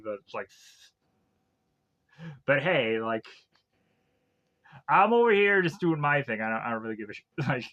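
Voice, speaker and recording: A man's voice: mid-range voice, lively intonation, measured pace, pauses often, a bit bright, muffled recording. A man, a streamer, rambling casually through a film recap and personal stories, full of fillers and asides.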